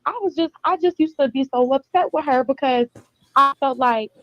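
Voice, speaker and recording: A woman's voice: sits high, moderate pace, no room sound. A woman in her twenties from Texas, calling in to a show and telling a long personal story in a rambling way with many restarts. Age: 20s. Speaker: caller. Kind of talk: casual phone call-in chat. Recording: dull dry phone line.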